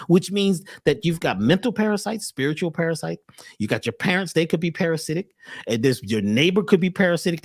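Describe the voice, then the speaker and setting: Animated, punning motivational man. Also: a little high, no room sound, clean studio sound. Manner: animated, preachy, punning and profane. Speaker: speaker and workshop teacher. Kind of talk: motivational lecture on a call.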